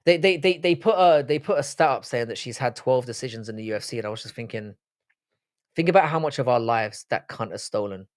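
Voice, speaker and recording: A man's voice: medium pitch, expressive, brisk, no echo, studio quality. A young man hosting a live-stream panel, talking in casual, blunt and profane banter. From United Kingdom. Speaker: livestream panel host.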